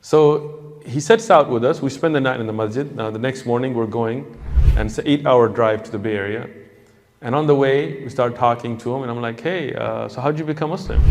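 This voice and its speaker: A man preaches by telling a story, bringing each person in it to life with his own voice. His tone has a gravelly texture. A long reverb trails his words through a big hall. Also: mid-range voice, a little fast, slight background noise. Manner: animated storyteller who acts out quoted voices. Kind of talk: storytelling sermon.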